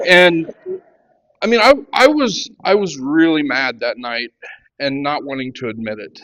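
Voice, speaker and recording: A man in his fifties giving a halting personal testimony, full of restarts, who grows animated as he retells a quarrel. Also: on the high side, no echo. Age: 50s. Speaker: workshop participant sharing testimony.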